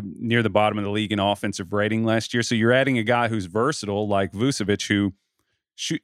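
A man co-hosting a podcast, talking basketball in a loose, halting way with frequent restarts. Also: lowish voice, no room sound, studio quality. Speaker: podcast co-host. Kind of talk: casual basketball chat.

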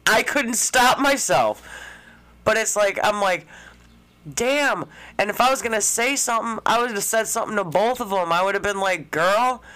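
Animated, laughing woman co-host telling stories. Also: mid-range voice, fast talker, few pauses, clean tone. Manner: animated storyteller, laughs often, profane. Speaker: podcast co-host. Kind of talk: casual podcast chat.

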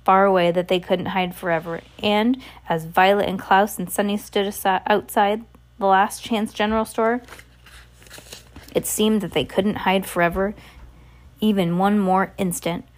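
A woman's voice: mid-range voice, steady tone, unhurried. A woman reading a novel aloud in a casual way, with small slips and restarts. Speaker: reader.

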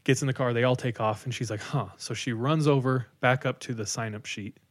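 A man casually retelling a story on a podcast, animated and full of likes as he acts out quotes. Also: mid-range voice, a little fast.

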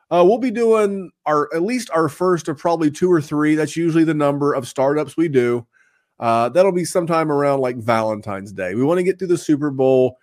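A man hosting a fantasy football podcast, chatting casually and upbeat, rambling a little as he gives shout-outs and plugs. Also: fairly high pitch. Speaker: podcast host.

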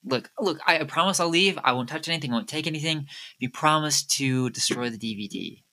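A man's voice: on the high side, fairly quick, pushed and bright, voice pushed up. A man voicing a nervous former classmate caught snooping, who stammers and sighs as he explains himself. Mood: pleading. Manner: flustered, stammering, sighing.

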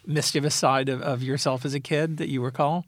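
A man hosting an interview, asking questions in a halting, searching way and narrating between answers. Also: medium pitch, fairly even intonation, no echo.

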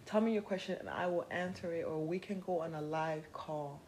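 A woman's voice: on the low side, a little fast, a little mellow, a little hiss or hum. Blunt, playful woman podcast host. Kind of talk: casual self-help talk.

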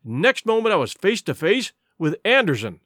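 A man's voice: high voice, very animated, normal speed, a bit bright, no room sound, clean studio sound. A man narrating an adventure audiobook in a vivid, dramatic storytelling manner.

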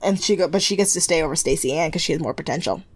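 A woman's voice: low-pitched, racing, a little mellow, slightly rough, no room sound. Young woman podcast co-host, chatty and filler-heavy, dry close sound. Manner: chatty, lots of "like", laughs often. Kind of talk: casual chat recapping a TV show.

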